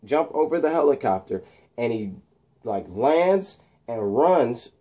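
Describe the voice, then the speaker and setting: Lockerer junger Mann erzählt einen Film nach. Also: male voice, medium pitch, sing-song, slow, warm tone. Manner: rambling, with many restarts and "like". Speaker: video creator. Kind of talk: casual retelling of a film scene.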